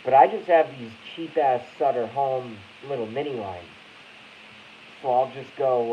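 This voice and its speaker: A Boston man with a mid-range voice hosts a casual live stream at a moderate pace, rambling, swearing, and cutting himself off mid-sentence. The audio is dull and lo-fi with a faint hiss.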